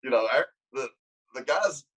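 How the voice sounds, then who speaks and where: This man speaks at medium pitch and a normal pace, with a breathy edge, over poor audio. He's a wrestling coach spinning a long interview story, restarting sentences often and turning animated whenever he imitates what someone said.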